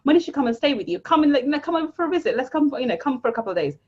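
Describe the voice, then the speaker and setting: A woman speaking as a guest coach in a casual interview, animated, often repeating words and jumping higher for emphasis, on a dull lo-fi recording. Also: rapid-fire. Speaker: guest, money mindset coach. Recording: dull lo-fi sound.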